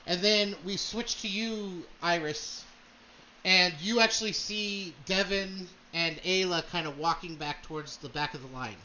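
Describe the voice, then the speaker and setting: A man's voice: high-pitched, measured pace, sharp tone, muffled recording, slight background noise. A man narrating a tabletop role-playing game as game master, casual with many fillers.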